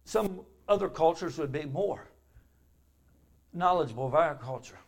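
An older man delivers a sermon, his voice sitting rather high for a man. He has a relaxed, folksy way of telling stories and homespun asides from the pulpit. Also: moderate pace, gravelly. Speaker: pastor.

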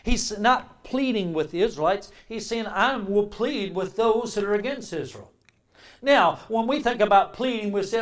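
A man preaching a sermon, swinging between loud emphatic declarations and quiet, reflective passages. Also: sits high, expressive, measured pace.

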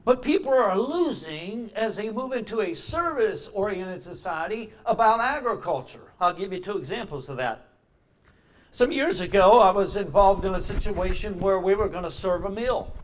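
A man's voice: sits high, lively intonation, moderate pace. An older man preaching a sermon in a church, telling folksy homespun stories. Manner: folksy storytelling with homespun asides. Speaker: pastor.

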